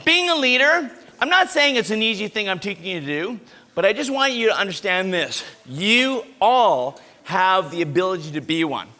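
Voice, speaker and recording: A man's voice: sits high, very animated, normal speed, sharp tone. A man giving an upbeat anti-bullying talk at a school assembly, coaching kids through role-play.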